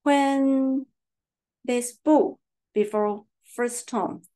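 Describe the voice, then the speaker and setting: A woman with a Taiwanese accent, whose first language is Mandarin, teaching Mandarin tones in English and drilling words slowly and deliberately. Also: high-pitched, mellow. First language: Mandarin Chinese. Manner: slow and deliberate, repeating words for practice. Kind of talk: slow tone-drill lesson.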